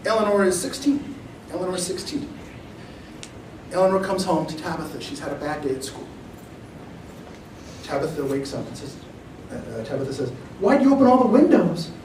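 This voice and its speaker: A man, an author, reads his own fiction aloud at a library event in a measured, expressive storytelling manner. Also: a little high. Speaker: author reading his work. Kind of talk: live reading of fiction. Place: library reading room. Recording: roomy hall from far off, faint noise.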